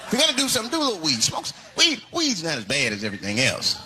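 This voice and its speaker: A man doing stand-up comedy, telling a story in an animated way and acting out the voices. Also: fairly high pitch, very fast. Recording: loud crowd noise of a live stand-up show.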